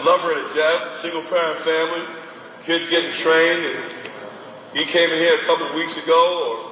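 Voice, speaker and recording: In a large indoor hall, a man with a voice on the high side gives parents an informal, lively talk about basketball recruiting and takes their questions. He is animated and acts out parents and coaches. He's recorded from far off in the echoey hall, with faint noise.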